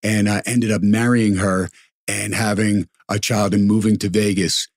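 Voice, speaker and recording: Lively storytelling man, husky and low. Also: normal speed, no echo, studio quality. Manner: animated storyteller, acts out quoted voices. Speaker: sportscaster guest. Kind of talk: casual storytelling.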